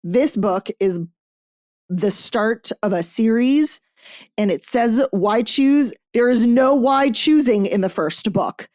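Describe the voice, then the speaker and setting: A woman hosting a podcast, chatting casually about books in an animated way, swearing freely and acting out lines. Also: a little high, slow pace, no room sound, clean studio sound. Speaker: podcast host reviewing romance books. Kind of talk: casual chat.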